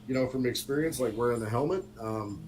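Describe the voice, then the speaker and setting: A man's voice: mid-range voice, a little fast, noisy background. A middle-aged man telling a casual story with many fillers and frequent laughter. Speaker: guest on a motorcycle talk stream.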